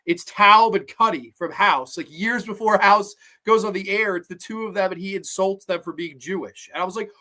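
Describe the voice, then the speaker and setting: Guy rambling about a movie, swears a ton, gets worked up, voice a bit on the high side. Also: normal speed, few pauses. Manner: rambling, excitable, swears a lot. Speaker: podcast host. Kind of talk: casual movie review chat.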